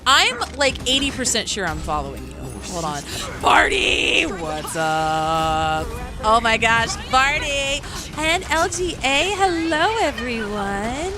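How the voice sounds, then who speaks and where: A chatty woman live-streaming a game, her pitch leaping up and down as she teases her chat and hums to herself. Music plays clearly behind her voice. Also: big pitch swings, slow pace. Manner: chatty and playful, greets chat, hums, laughs often. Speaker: streamer, virtual singer and gacha player. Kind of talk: casual live-stream chat while gaming. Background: background music.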